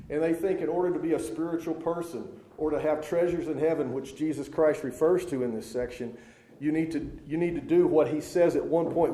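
A man preaches a sermon to a live audience in a conversational way and keeps putting questions to them. His voice is slightly high for a man and warm and mellow. The big room gives it a clear echo. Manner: conversational, asks the crowd questions. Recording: echoey room.

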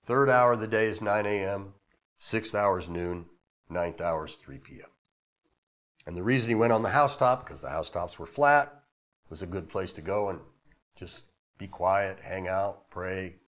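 A man's voice: low-pitched, moderate pace, a bit bright. A man teaching a weekly Bible lesson, reading scripture aloud and breaking off into casual, joking explanations. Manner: casual, joking asides between readings, lifts his voice for scripture. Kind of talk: verse-by-verse sermon with reading and asides.

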